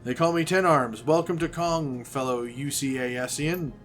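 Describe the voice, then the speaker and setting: Man reading as blunt hungover street doctor, forties, gruff then jolly, mid-pitched voice. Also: normal speed, a bit bright, faint music behind, close to an everyday voice. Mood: cheerful.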